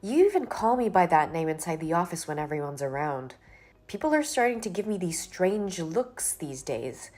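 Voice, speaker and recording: An actress playing a young office worker who firmly and politely pushes back against a colleague. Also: female voice, on the low side, sing-song, normal speed, a little mellow. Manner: firm, exasperated, polite refusals. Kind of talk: scripted dialogue drama.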